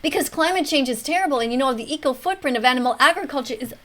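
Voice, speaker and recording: A woman in her fifties hosting a mock classroom, commenting on a video in an animated schoolteacher tone. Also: sits high, very fast. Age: 50s. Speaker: teacher hosting a reaction video.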